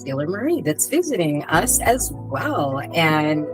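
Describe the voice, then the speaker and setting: A woman hosts a casual podcast chat in a low-pitched, sing-song voice, speaking a little slowly over music. She's bubbly and loose, saying "like" a lot and swearing freely, and the recording quality is low.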